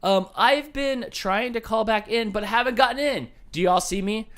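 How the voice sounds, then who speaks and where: A man's voice: high voice, fairly bright tone. A man hosting a live trivia game show, bantering and punning with callers. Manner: jokey, teasing, quick puns.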